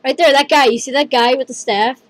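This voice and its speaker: A woman hosting a casual gameplay video, excitable and rambling, calling her teammate "dude" again and again. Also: sits high, a little fast, dry recording, poor audio.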